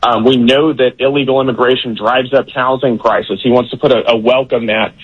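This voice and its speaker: A husky-voiced man from Texas speaks as a political interview guest over a radio line. His tone is earnest and indignant, and his words come out in quick bursts. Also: medium pitch, fairly even intonation, dull audio. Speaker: congressman guest.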